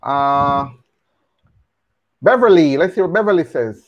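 A man's voice: on the high side, animated, a little slow. A man hosting a live stream interview, affably reading out viewer comments over lo-fi audio. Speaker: host.

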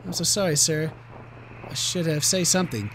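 A man's voice: a little high, fairly bright tone, slight background noise, poor audio. Man reading as a worried landlady in broken English. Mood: apologetic. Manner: halting broken English phrasing.

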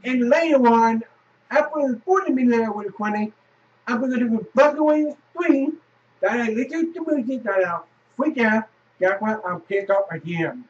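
Man, very high and lively voice, frustrated swearing gamer, echoey room. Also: moderate pace. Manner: frustrated, swearing, sudden loud outbursts. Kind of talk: horror game commentary. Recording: roomy, distant, dull lo-fi.

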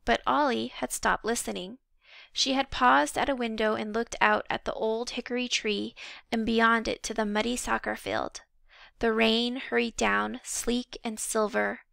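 Woman storyteller, audiobook read, gravelly and bright, dry close sound. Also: on the high side, no echo. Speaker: audiobook reader. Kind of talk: storybook narration.

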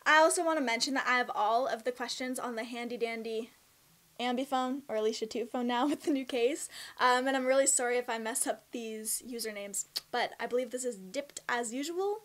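Bubbly young Canadian woman vlogger with a Canadian accent, high bright voice, expressive casual delivery. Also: brisk. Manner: bubbly, chatty and expressive, with laughs and emphatic swings. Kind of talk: casual Q&A vlog.

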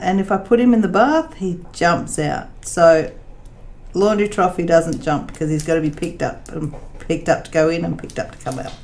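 A woman chatting casually with her viewers, with many fillers, sometimes talking to her dog in a high baby voice. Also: a little mellow. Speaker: craft vlogger. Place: home laundry room. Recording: echoey room with faint noise.

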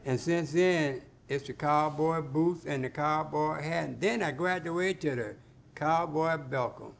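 An older man speaks in a slightly higher-than-usual voice and tells his own story in a relaxed, colloquial way. He slips into the voices of the people he quotes, and a faint hiss sits behind him. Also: measured pace, gravelly. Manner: colloquial, laid-back, acts out quoted voices. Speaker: interviewee, cowboy. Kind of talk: casual storytelling interview.

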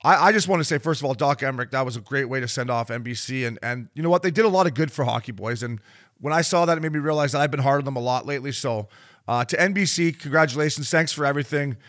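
A man's voice: mid-range voice, fast talker, fairly bright tone. A man in his thirties co-hosting a sports podcast, telling profane stories and retelling quotes in other voices. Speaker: podcast co-host. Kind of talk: casual sports chat.

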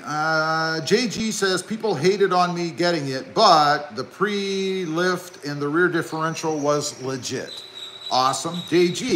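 A middle-aged man hosting a live stream, chatting with viewers and reading their comments aloud in an excitable, chatty way. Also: fairly high pitch, slight background noise, low-quality recording. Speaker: YouTube car channel host.

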